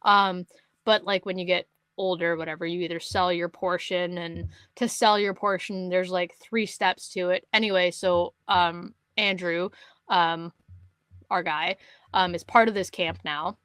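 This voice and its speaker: Lively storytelling woman, dry close mic. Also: lowish voice, measured pace, clean tone, dry recording. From Canada. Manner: animated storyteller, acts out quotes, laughs often. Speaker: podcast co-host. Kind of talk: casual chat.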